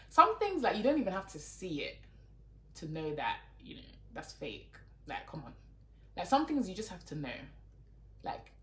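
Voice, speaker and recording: Exasperated young London woman, roomy echo. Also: fairly low pitch. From London, England. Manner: exasperated, talky, leans on "like". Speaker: YouTuber. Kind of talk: casual chat to camera.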